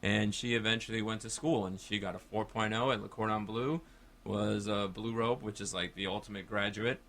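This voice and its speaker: Man, radio host, low voice, bright forceful tone, casual rambling chat. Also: fairly even intonation, normal speed, vocal fry. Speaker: radio talk show host. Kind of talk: call-in radio talk.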